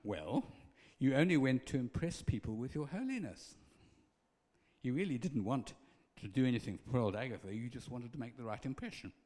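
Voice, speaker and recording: A man acting out a gentle, kindly man who reviews good deeds, in a reverberant church hall. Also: medium pitch, lively intonation, moderate pace, close to an everyday voice. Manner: gentle, matter-of-fact.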